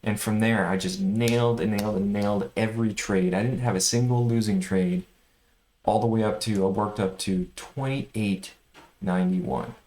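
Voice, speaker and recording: A man recapping his day of stock trading in a casual, animated way, swinging between excitement and frustration. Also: on the low side, normal speed, roomy sound. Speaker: day trader vlogger.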